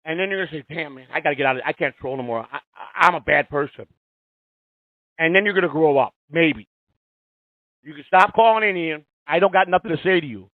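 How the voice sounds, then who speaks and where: A man's voice: on the high side, fairly quick, no room sound. Heated, cussing man on a tinny line. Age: 50s. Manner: profane, heated, confrontational ranting. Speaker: radio show host. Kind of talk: live call-in radio rant. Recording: tinny phone-like, dry sound.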